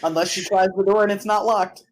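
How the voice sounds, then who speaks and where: A woman playing a tabletop game, describing her character's actions calmly and matter-of-factly. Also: mid-range voice, fairly quick, a crowd in the background, poor audio. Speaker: player.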